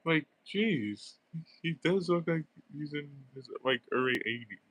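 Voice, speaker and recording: A man's voice: on the high side, lively intonation, unhurried, a bit bright, slightly rough, no room sound. A young man with a stuffy nose, rambling through casual gameplay commentary with lots of fillers and giggles. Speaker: gaming streamer.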